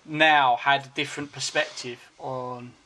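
A man co-hosting a podcast who chats casually and reacts quickly, swearing now and then. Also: mid-range voice, steady tone, pushed and bright. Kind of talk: casual chat.

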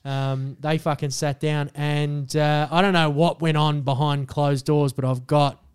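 A man's voice: fairly high pitch, flat delivery, unhurried, clean tone. A young Australian man co-hosting a podcast, joking crudely and swearing often in casual chat. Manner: crude, jokey, swears a lot. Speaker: podcast co-host.

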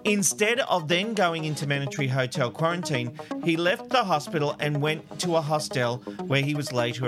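A man co-hosts a talk show, reading news in a slightly high voice. He states his opinions emphatically and with indignation. Faint music plays under him. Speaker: co-host and news reader.

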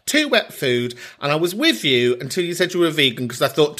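A man hosting a comic podcast, talking in a theatrical, teasing way with sudden loud outbursts. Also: medium pitch, very animated, a little fast. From Ireland. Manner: theatrical, teasing, bursts into shouts. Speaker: podcast host.

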